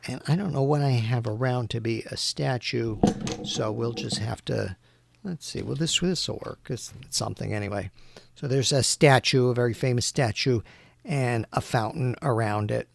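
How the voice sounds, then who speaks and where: A man narrating a solo tabletop game, thinking aloud with many pauses. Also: medium pitch, creaky.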